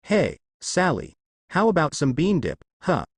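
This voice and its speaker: Loutish stepfather, read by a male narrator, gruff and demanding, dry sound. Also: a little high, huge pitch swings, unhurried, dry recording, pitched above the performer's own voice, exaggerated voice. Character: rude loutish stepfather, bossy.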